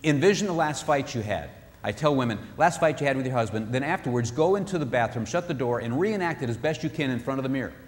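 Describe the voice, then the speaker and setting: A man giving a sermon-style talk on marriage, animated, acting out what spouses say. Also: mid-range voice, fast talker, big-room sound. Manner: animated, acts out spouses' voices. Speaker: marriage speaker.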